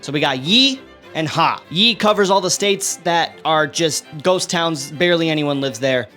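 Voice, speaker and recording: A young man with a bright, high-pitched voice gives a sarcastic, animated comedic commentary, pushing his voice up sharply for emphasis. Faint music plays underneath his close mic. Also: moderate pace. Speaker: online creator.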